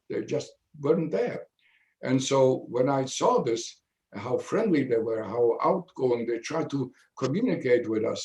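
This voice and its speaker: Elderly man with a mother tongue, halting. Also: fairly high pitch, mellow, echoey room. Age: 90s. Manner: halting, measured storytelling with many pauses. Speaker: Holocaust survivor speaking to students. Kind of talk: personal testimony in a video Q&A. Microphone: video call.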